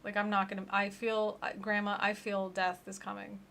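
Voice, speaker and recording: A woman's voice: medium pitch, monotone, normal speed, creaky, a bit bright. A woman voicing a dying young woman who pleads and sounds exasperated. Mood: desperate.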